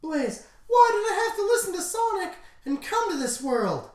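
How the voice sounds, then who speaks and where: Woman squealing as a shrill panicked cat heroine. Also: big pitch swings, normal speed, darkish tone, far from the mic. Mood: frantic. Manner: shrill, pleading. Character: young female cat heroine, panicked and devoted. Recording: roomy echo.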